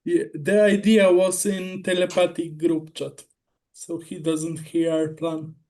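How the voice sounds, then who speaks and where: A man playing a tabletop game speaks in a high but soft, mellow voice. He takes his time, stretching out short replies at a slow pace. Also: little pitch movement. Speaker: player. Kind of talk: casual tabletop play.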